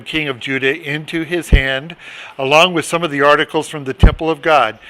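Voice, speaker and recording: A middle-aged man teaches a small Bible study in a loose, chatty way, trailing off and restarting as he goes. His voice is bright and forward, sitting a little high for a man. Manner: chatty, rambling, with asides and restarts.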